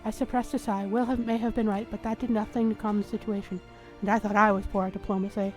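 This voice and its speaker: A woman host reading a story game's first-person narration aloud in a steady manner. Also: medium pitch, fast talker, soft background music.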